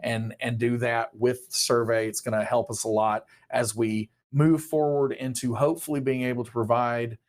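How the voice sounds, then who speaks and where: A man's voice: medium pitch, steady tone, moderate pace, hardly any pauses. A man hosting a live stream development update and Q&A, talking casually with a few fillers. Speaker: host.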